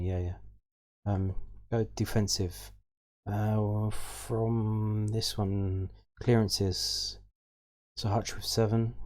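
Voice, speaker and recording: Guy going through football stats out loud, low monotone, lots of ums and trailing off. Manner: hesitant, many ums and restarts, thinking aloud. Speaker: football fan channel host. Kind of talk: casual stats rundown.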